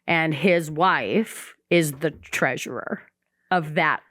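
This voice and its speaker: Low-voiced woman telling a candid story. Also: slow pace, a bit bright, no room sound, clean studio sound. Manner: candid storyteller, swears freely, acts out quoted voices. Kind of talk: casual recovery podcast chat.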